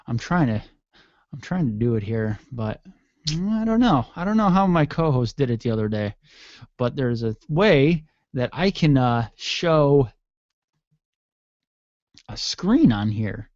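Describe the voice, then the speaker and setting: A male internet radio host talks alone at his desk in a loose, rambling way, cracking jokes and swearing mildly. He sounds sleepy and keeps yawning. The recording is dry and a little muffled, with a middle-pitched voice. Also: very animated, unhurried, long pauses, darkish tone, dry recording. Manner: rambling, joking, mildly profane. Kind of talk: casual solo radio chat. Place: home studio room. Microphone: desk mic with headphones.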